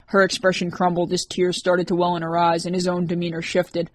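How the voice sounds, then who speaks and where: Woman reading an audiobook, lowish voice, dry close sound, steady pace. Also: fairly quick, no room sound. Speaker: audiobook narrator. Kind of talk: audiobook narration.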